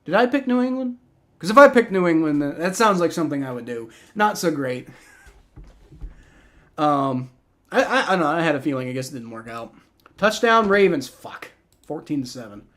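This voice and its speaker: A young man hosting a live stream, giving rambling, excitable reactions and play-by-play while he watches a football game and swears freely. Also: high voice. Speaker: livestream host.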